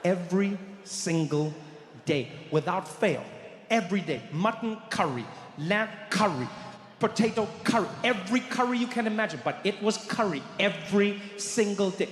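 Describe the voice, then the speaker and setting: Man, stand-up comedian, high voice, animated storytelling, live hall with long reverb, faint room noise. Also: moderate pace, faint music behind. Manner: animated storyteller, bursts into loud high shouted character voices. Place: large theater stage with audience. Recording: echoey hall, live stage mic.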